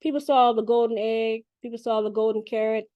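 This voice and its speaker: A woman giving a casual spiritual reading in an animated, chatty and profane way. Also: a little high, fairly quick, no room sound, lo-fi sound. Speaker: spiritual reader.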